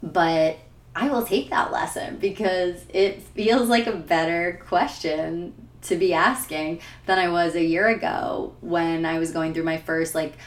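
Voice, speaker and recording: A woman's voice: on the low side, fairly even intonation, measured pace, roomy sound. A young woman podcaster talking candidly and searchingly to herself, with many fillers and a tearful edge at times. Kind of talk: personal reflective monologue.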